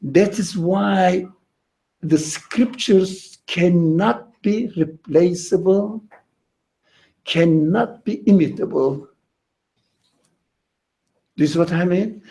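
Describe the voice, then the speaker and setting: A man teaching a class on religion, speaking slowly and emphatically and repeating his key words. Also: high-pitched, expressive, gravelly, dark tone. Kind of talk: lecture to a class.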